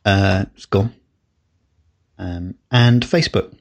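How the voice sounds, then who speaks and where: Speaking slowly in a low voice with vocal fry, this man co-hosts a podcast and chats casually. His talk rambles, full of hesitations, fillers, and restarts.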